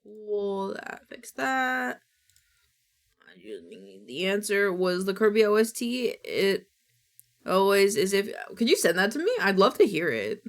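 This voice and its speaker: A young American woman streaming live, chatting excitably with her chat and swearing freely as she works. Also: mid-range voice, a little slow. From United States.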